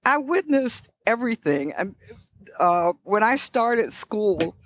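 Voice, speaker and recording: A woman's voice: a little high, very animated, takes it slowly, no echo, lo-fi sound. An older woman from Birmingham, Alabama, recalling her past as a guest in an interview, in a reflective storytelling manner. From Birmingham, Alabama, USA.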